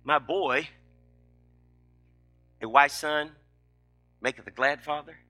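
Man, middle-aged preacher, joking sermon, tense forceful voice. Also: fairly high pitch, slow pace, faint music behind. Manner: folksy, emphatic, joking.

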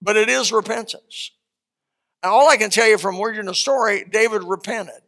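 A man preaching a sermon, retelling a Bible story in an animated, conversational way. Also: high-pitched, moderate pace.

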